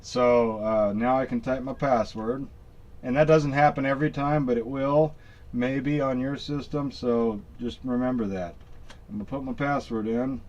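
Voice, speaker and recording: A man's voice: mid-range voice, fairly even intonation, moderate pace, darkish tone, lo-fi sound. A man casually talking through a screen-recorded tech walkthrough, rambling and folksy, full of fillers and restarts. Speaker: tech tutorial maker.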